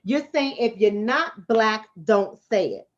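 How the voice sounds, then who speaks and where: A woman's voice: fairly high pitch, lively intonation, takes it slowly, lo-fi sound. A woman from the Bronx, hosting a casual livestream and answering her chat in a blunt, streetwise way that repeats points for emphasis. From the Bronx, New York City. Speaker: livestream host and relationship coach.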